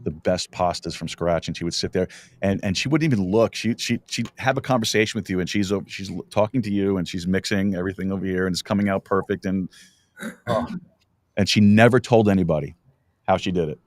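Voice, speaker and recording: A middle-aged man hosts a relaxed podcast chat with a fairly low voice. He tells stories in a meandering way, stumbling through restarts as he goes. The studio sound is dry and close. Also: no room sound. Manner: rambling, halting storyteller with many restarts. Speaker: podcast host. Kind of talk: casual chat.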